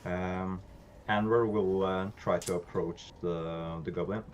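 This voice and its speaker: A man's voice: deep voice, steady tone, slow pace, muffled recording, a little hiss or hum. A man playing a tabletop game, talking hesitantly with many fillers. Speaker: player.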